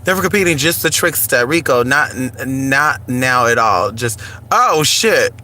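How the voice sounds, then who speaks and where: A man's voice: medium pitch, expressive, unhurried, sharp tone. A man chatting sassily and animatedly while vlogging from his car. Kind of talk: casual car vlog. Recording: traffic noise behind. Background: road traffic.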